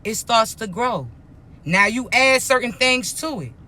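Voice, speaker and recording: A woman coach gives a motivational spiritual talk, blunt and emphatic, in heavy slang with plenty of swearing. Her voice has a bright, forceful edge and is a little high, expressive and a little slow.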